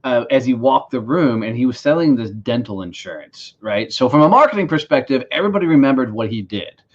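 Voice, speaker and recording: A man's voice: medium pitch, lively intonation, fairly quick. A man, hosting a podcast, tells stories casually, laughs often and swears freely. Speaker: podcast host. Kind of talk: casual conversational storytelling. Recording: slightly dull lo-fi audio.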